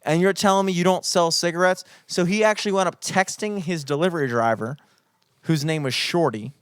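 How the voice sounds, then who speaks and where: A man's voice: high-pitched, brisk, clear, resonant tone, no echo, studio quality. A young man co-hosting a podcast, telling a story in a casual, profane, mock-outraged way. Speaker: podcast co-host.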